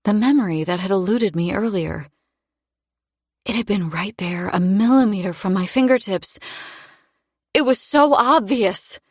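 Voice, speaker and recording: A woman narrating a fantasy audiobook in first person, with a measured, expressive reading. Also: mid-range voice, dry recording, studio quality.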